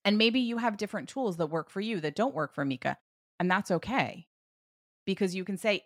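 A woman coaching a parent with advice, acting out example phrases with lively emphasis. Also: medium pitch, a little fast, dry recording, clean studio sound. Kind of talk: advice session.

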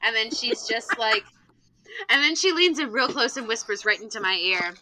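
A young woman, a teacher, telling a classroom story in animated casual chat, swearing freely and acting out the voices. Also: on the high side, normal speed, rough recording. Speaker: elementary school teacher and podcast player.

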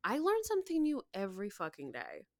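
Lively joking female podcast co-host. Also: mid-range voice, no echo, studio quality. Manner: blunt, joking, quick reactions. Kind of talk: casual chat.

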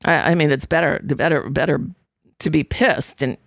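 A woman's voice: deep voice, steady tone, moderate pace, creaky, no room sound, clean studio sound. A woman hosting a political talk radio show, ranting angrily with profanity.

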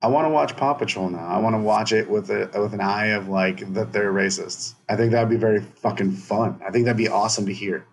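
A man's voice: lowish voice, brisk, vocal fry, few pauses. A man co-hosting a casual podcast, crude and blunt, laughing often. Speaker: podcast co-host. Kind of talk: casual chat.

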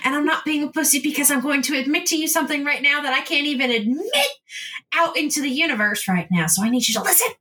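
A woman voicing an anxious young woman who speaks in a halting, earnest, confessional way during tabletop role-play. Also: sits high, pushed and bright. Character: anxious young woman hiding her feelings.

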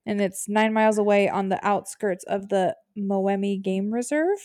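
A woman's voice: medium pitch, moderate pace, a little mellow, no echo, studio quality. A woman co-hosting a podcast, agreeing and thinking aloud in casual chat. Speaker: podcast co-host.

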